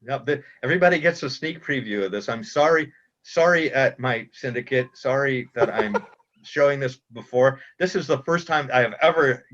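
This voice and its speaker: A man's voice: medium pitch, moderate pace, fairly bright tone, highs cut off. A man chatting casually as a cartoonist guest in an interview, self-deprecating and restarting his sentences often.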